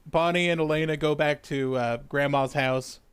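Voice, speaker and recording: A man's voice: on the high side, fairly even intonation, moderate pace, smooth, dry recording. A man co-hosting a podcast, recapping a TV episode in casual chat, swearing constantly and laughing a lot. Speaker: podcast co-host.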